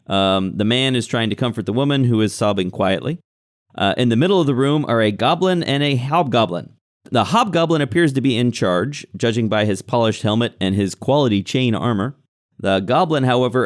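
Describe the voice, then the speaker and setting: A man running a tabletop game, laying out the scene in a mid-pitched, everyday voice. His description is unhurried and full of small fillers. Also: expressive. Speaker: game master.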